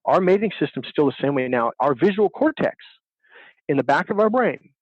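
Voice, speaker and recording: A man tells an emphatic story in an interview, slipping into other people's voices as he goes. His voice sits a bit high. The sound is dry and a little dull, as if heard over a remote link. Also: expressive, brisk, husky, no echo. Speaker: dating coach guest.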